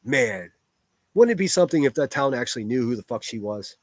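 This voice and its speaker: A man's voice: mid-range voice, sing-song, fairly quick, no room sound. Profane ranting man, dry close sound. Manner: profane, combative and blunt. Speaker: livestream drama commentator. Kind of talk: ranting livestream commentary, reading chat aloud.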